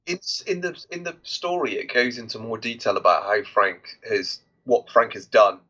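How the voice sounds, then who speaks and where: A man co-hosting a film podcast, talking casually and haltingly, with many restarts as he searches for words. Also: mid-range voice, big pitch swings, sharp tone. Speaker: podcast co-host. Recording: dull, lo-fi sound.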